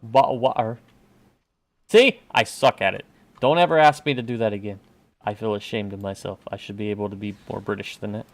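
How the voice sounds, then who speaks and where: A man streaming a video game, chatting casually and joking as he plays, often yelling at the game. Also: lowish voice, fast talker. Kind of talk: casual gameplay commentary.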